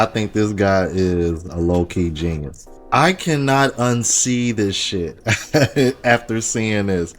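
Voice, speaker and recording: Male reaction host, lowish voice, chatty and self-mocking with stumbling restarts. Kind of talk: casual chat to camera.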